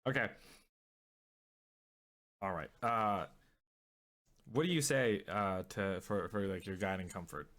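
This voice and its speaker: A man's voice: lowish voice, takes it slowly, long pauses, fairly bright tone. A man narrating as game master of a tabletop role-playing game, hesitant with many fillers and restarts.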